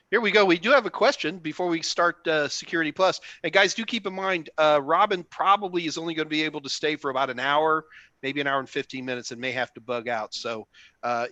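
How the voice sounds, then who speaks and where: A Texan man hosting a live Q&A stream in a bright, clear voice. His speech is slightly higher than most men's, and he talks in a joking, chatty way full of fillers. The room is dry and close. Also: dry recording, dull audio. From Texas. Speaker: host.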